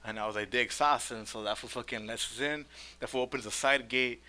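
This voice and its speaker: A young man tells stories fast on a casual podcast, full of slang and swearing. His voice is bright and edgy, and he shouts mocking quotes of other people. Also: medium pitch. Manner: profane slangy storytelling with loud mocking quotes. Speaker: podcast co-host. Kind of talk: casual storytelling chat.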